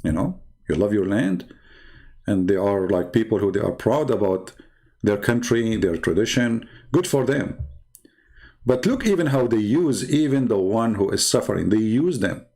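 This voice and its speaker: A man's voice: fairly low pitch, lively intonation, moderate pace, darkish tone. A man hosting his channel, giving casual political commentary in a sarcastic, mocking tone and laughing often. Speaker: channel host.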